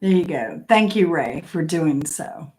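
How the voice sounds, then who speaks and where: A middle-aged woman hosts a casual live-stream trivia game, reading each question aloud and then greeting viewers by name. She speaks in an unhurried, drawn-out way. Her voice sits a little low, and she laughs often between lines. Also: expressive, darkish tone, rough recording.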